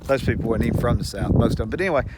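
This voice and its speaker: A man's voice: medium pitch, very fast. A man telling a rambling, folksy story to the camera and chuckling as he goes, recorded at home with a faint hum behind him. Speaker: channel host.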